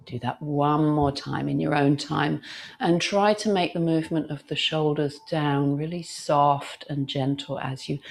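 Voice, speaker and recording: A woman teacher guiding a yoga class, talking gently and soothingly and counting breaths aloud. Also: sits low, vocal fry. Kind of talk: guided yoga class instruction.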